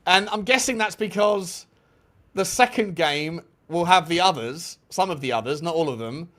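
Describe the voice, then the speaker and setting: A man's voice: a little high, animated, normal speed, fairly bright tone. A man hosting a football fan show, chatting casually in an exasperated, joking way with some swearing. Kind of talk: casual chat.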